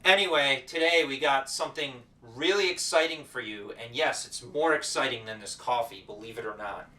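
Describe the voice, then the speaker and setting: A man teaching as the host of an educational show, talking in a playful, energetic showman style with repeated greetings. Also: medium pitch, normal speed. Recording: roomy echo, voice distant from the mic.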